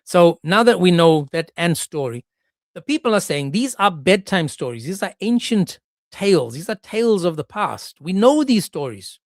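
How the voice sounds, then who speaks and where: An animated male streamer talking to his chat in a sarcastic, joking way. His voice sits fairly high for a man. The sound is dry and close. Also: moderate pace, dry recording. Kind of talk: casual livestream commentary.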